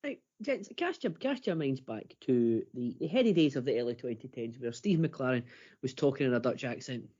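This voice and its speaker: A man co-hosting a podcast in casual chat, excitable and mocking, swearing freely. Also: mid-range voice, moderate pace. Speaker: podcast co-host. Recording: husky lo-fi podcast audio.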